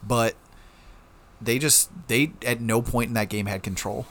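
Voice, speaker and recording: A man's voice: mid-range voice, steady tone, unhurried, a bit bright. A young man co-hosting a casual fantasy football podcast, chuckling often as he reads out stats. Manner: laid-back, chuckling, reads stats aloud. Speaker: podcast co-host.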